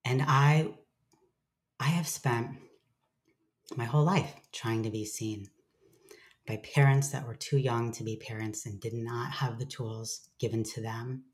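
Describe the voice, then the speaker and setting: Very deep-voiced woman sharing openly. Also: steady tone, measured pace, pauses often. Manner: reflective, swears casually, acts out own self-talk. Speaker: guest. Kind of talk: candid conversational sharing.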